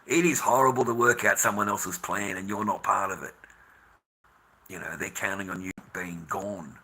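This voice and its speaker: A man's voice: steady tone, normal speed, sharp tone, low-quality recording. Profane, bitter Australian man ranting. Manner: profane and bitter, swinging between angry outbursts and low muttering. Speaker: vlogger. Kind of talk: ranting monologue to camera.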